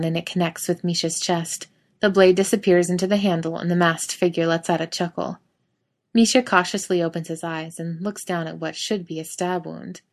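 A woman reading a story aloud as narrator, with steady, expressive pacing. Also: fairly low pitch.

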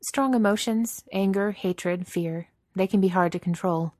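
A woman reading aloud, voicing a calm, matter-of-fact female alien warrior. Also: mid-range voice, measured pace, no echo, clean studio sound, pitched above the performer's own voice, natural voice. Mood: serious.

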